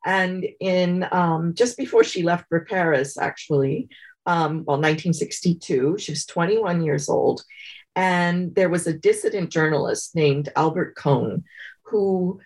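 A woman's voice: fairly low pitch, unhurried, a little mellow. A woman being interviewed as an author, telling stories thoughtfully, with fillers. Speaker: guest author. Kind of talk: interview conversation.

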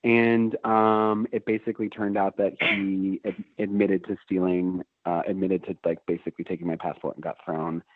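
A man's voice: low voice, flat delivery, normal speed, few pauses, no echo. A man telling a long story in casual chat, swearing freely and rambling with fillers and restarts. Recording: phone-like narrow band.

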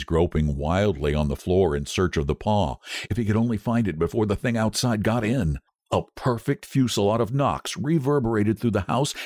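A man hosting a literature podcast, reading a story aloud in a measured, dramatic way. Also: sits low, darkish tone, no echo, studio quality. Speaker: podcast host and narrator. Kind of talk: scripted storytelling narration.

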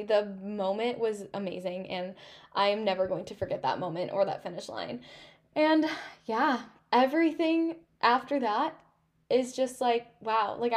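A young woman in her twenties hosting a podcast, telling a story in a casual, emotional way, full of "like" and "literally". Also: medium pitch. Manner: animated, emotional, heavy use of "like" and "literally". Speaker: podcast host.

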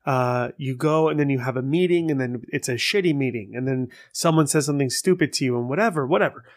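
A man hosting a casual solo podcast, rambling and swearing as he tells stories in an animated way. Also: fairly high pitch. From Persian heritage. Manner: rambling, profane, animated storytelling. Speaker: podcast host.

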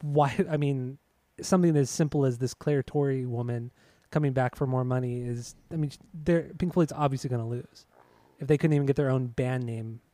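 A man on a podcast telling a story in a loose, rambling way, full of hesitations and the odd curse. His tone is mellow and mid-pitched. The recording is dry and close. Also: fairly even intonation, normal speed, few pauses, dry recording. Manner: rambling, hesitant, profane, many fillers. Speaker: podcast co-host. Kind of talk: casual chat, recounting music history.

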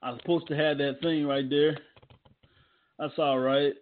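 A man's voice: on the high side, steady tone, moderate pace, slight background noise. A man hosting a casual wrestling talk, emphatic and loose, with repeated rhetorical questions. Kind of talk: casual commentary with ad reads. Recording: tinny phone-like audio.

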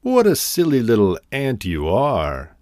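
A carefree grasshopper, voiced by a man reading a storybook, coaxing in a raised, singsong voice. He drawls slowly, his pitch swinging widely. The sound is close and dry. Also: huge pitch swings, darkish tone, dry recording. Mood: teasing. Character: carefree male grasshopper, playful and lazy.

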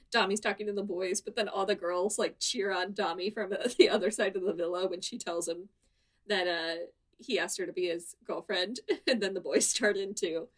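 A woman's voice: mid-range voice, moderate pace. A woman co-hosting a podcast, chatting casually and laughing often as she retells the episode. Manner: giggly, animated storytelling. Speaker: podcast co-host. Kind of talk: casual recap chat.

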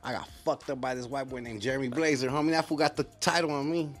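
A quick-talking host, full of street slang and lively storytelling. His speech runs fast, and faint music sits under the voice. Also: mid-range voice. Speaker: podcast host. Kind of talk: casual interview chat.

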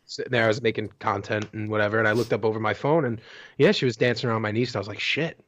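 A man's voice: on the low side, steady tone, rapid-fire, a bit bright, dull audio. A man guest on a podcast, chatting casually and bluntly, swearing now and then. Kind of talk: casual chat.

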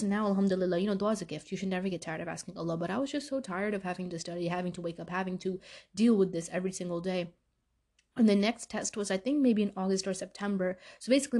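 A young adult woman vlogging a casual storytime, lively, acting out her own past lines. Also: medium pitch. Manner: animated, acts out her own past dialogue.

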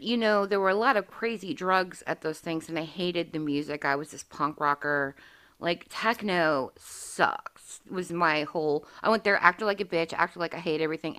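A woman's voice: fairly low pitch, a bit bright, clear, resonant tone. A woman in her forties hosting a podcast, telling a candid, profane personal story in casual chat. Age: 40s. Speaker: podcast host.

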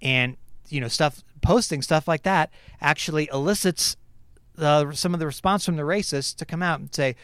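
A man co-hosting a podcast in casual chat, animated and teasing, mocking critics in exaggerated voices. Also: fairly high pitch, moderate pace, clean tone, no echo. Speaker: podcast co-host.

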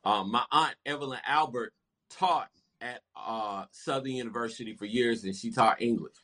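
A man in his fifties, a guest telling stories in lively casual chat. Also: mid-range voice, normal speed. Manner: animated, lively storytelling with laughter.

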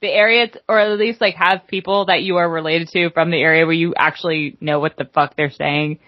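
A woman co-hosting a casual podcast, animated and giggly, joking around with her co-host. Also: low voice, a little fast, dry recording, lo-fi sound. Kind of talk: casual chat.

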